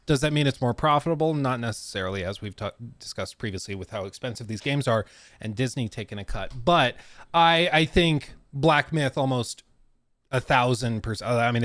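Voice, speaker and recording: A young adult man co-hosting a casual podcast, animated and acting out quotes with big pitch swings. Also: no echo, studio quality. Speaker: podcast co-host.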